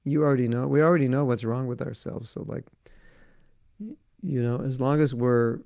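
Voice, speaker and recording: A man's voice: mid-range voice, vocal fry, mellow, no room sound, studio quality. A man giving a devotional talk as a spiritual teacher, earnest and repetitive, often saying "you know", then taking viewer questions.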